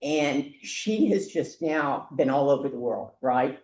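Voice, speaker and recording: An older woman, a grandmother, hosting a group meeting with chatty, halting welcome remarks. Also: very deep voice, lively intonation, darkish tone, echoey room. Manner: chatty, halting, with many fillers. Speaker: meeting host. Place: meeting room.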